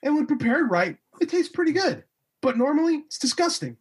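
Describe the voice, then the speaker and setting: A man co-hosting a podcast in casual chat, telling stories in an excitable, emotional way with a very husky voice. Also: very high voice, a little fast. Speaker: podcast co-host.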